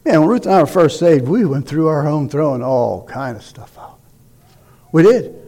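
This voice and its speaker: A man's voice: on the high side, expressive, normal speed, mellow. A man preaching as a guest, reading scripture aloud and then driving his points home with emphatic, rising exhortation.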